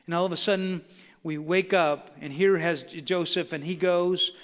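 Man, pastor, sermon, bright ringing voice, long church reverb. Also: high-pitched, fairly even intonation, normal speed. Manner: preaching with rising intensity and acted quotes. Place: church sanctuary.

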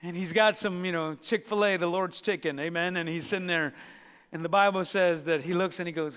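High bright-voiced preacher in a hall. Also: male voice, brisk, clear, resonant tone. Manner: animated storytelling, acting out biblical characters. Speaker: pastor. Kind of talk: sermon. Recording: reverberant hall.

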